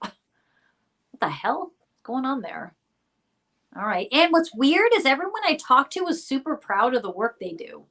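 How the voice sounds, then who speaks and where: A woman's voice: high voice, sing-song, measured pace, vocal fry, long pauses, a bit bright. A woman co-hosting a live-streamed show, chatty and wry. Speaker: co-host. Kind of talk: casual live-stream chat.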